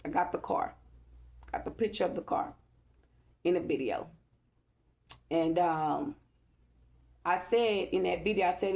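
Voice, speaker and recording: A woman's voice: lowish voice, measured pace, gravelly, long pauses, darkish tone. A woman talking to her viewers in an agitated, profane, repetitive rant. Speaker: vlogger. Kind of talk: angry rambling monologue to camera.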